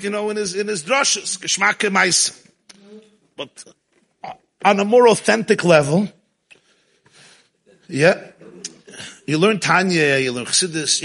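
Guy giving a torah class, lively storyteller, raspy gravelly voice, kinda sharp and bright. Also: sits high. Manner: lively storytelling, sprinkled with Hebrew and Yiddish terms. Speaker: Torah teacher.

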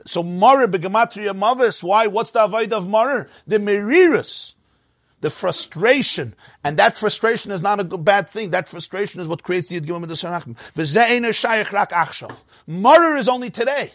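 High-voiced man teaching a lively Torah class. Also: brisk, dry recording, clean studio sound. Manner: animated, asks rhetorical questions and answers them; lively rise and fall, laughs often.

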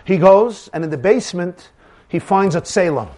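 A man's voice: sits high, normal speed, darkish tone, a little hiss or hum. A man giving a dramatic religious lecture, acting out dialogues with rising emphasis. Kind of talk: animated Torah lecture with acted dialogue.

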